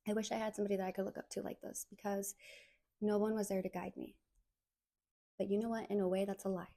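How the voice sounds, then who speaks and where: A woman in her thirties talks through her own podcast in a heartfelt, earnest way, often saying a word twice to lean on it. Her voice sits at a middle pitch with a mellow, warm color. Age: 30s. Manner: earnest, heartfelt, repeats words for emphasis. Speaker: podcast host. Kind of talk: solo podcast monologue.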